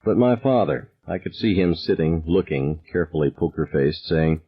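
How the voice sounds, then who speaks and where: A man's voice: sits low, lively intonation, moderate pace, muffled recording. A man narrating a novel in the first person with intense delivery that rises with the tension. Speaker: audiobook narrator.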